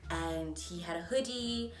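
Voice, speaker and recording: A woman in her twenties with a South African accent, telling a storytime on her vlog in a chatty, animated way and acting out the people in it. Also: fairly low pitch, unhurried, echoey room, recorded from a distance, noisy background. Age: 20s. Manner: animated, chatty, acts out dialogue in shifting voices. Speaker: vlogger.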